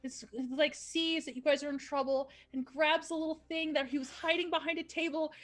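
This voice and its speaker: A woman's voice: sits high, steady tone, fairly quick, hardly any pauses. A woman narrating as game master, chatty and cheerful, with stumbles and asides.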